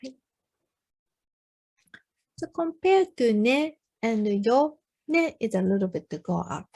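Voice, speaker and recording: A woman with a Japanese accent, a native Japanese speaker, tutoring beginners. She explains slowly in simple English with many ums and says phrases for learners to repeat. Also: on the high side, sing-song, darkish tone, breathy edge. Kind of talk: online language lesson.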